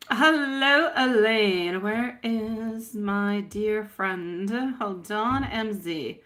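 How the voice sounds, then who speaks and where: A woman in her thirties reads tarot live for her viewers, with a bright, clear tone. She talks in a chatty, meandering way, greeting people by name and calling them sweetie and my love. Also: medium pitch, drawn-out words, few pauses. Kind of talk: live-stream tarot reading.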